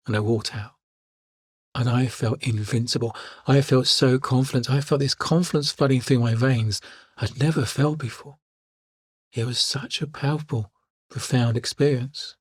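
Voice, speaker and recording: A man, a life coach telling calm personal stories in a reflective podcast monologue and repeating his key lines. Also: medium pitch, moderate pace, breathy edge, dry recording, studio quality.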